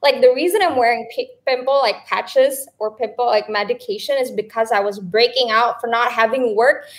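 A woman's voice: a little high, moderate pace. A young woman, chatting as a guest in a casual, bubbly, rambling way and laughing often. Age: young adult. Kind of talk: casual chat.

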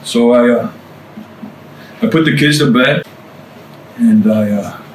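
A man's voice: mid-range voice, slow. A man giving his testimony to a small group in a casual, earnest way, often adding "man" and repeating phrases for emphasis. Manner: casual and conversational, peppered with "man" and "dude". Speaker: guest speaker sharing his testimony. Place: indoor room with a small group of listeners. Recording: echoey room, voice picked up from a distance, faint background hum.

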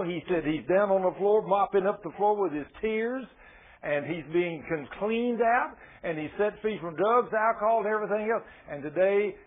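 A man's voice: on the high side, husky. A man preaching a sermon in a fervent, folksy way, acting out the people in his stories. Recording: tinny phone-like sermon recording.

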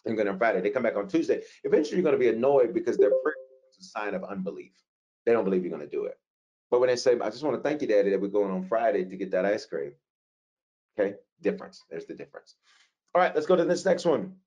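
A male pastor answers questions about prayer in a relaxed teaching session. His voice sits on the lower side, and he talks with the easy, animated pull of a preacher, tossing rhetorical questions back at his listeners. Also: fast, lo-fi sound.

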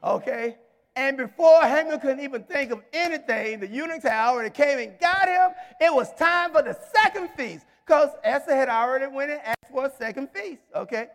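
A male minister preaching a sermon, retelling a Bible story with emphatic, animated delivery and shouted exhortations. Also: extremely high pitch, normal speed, long reverb tail.

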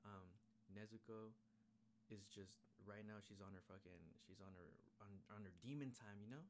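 A man's voice: lowish voice, steady tone, moderate pace, background noise. A man hosting a podcast, recapping an episode in laid-back, rambling slang with a lot of swearing. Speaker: podcast host. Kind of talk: casual chat recapping an episode.

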